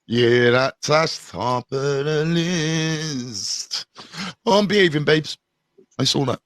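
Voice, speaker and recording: A man's voice: a little high, takes it slowly, a bit bright, no echo. A man hosting a live phone stream in a chatty, playful, teasing way, greeting viewers and chatting with his guests. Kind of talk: casual live-stream chat.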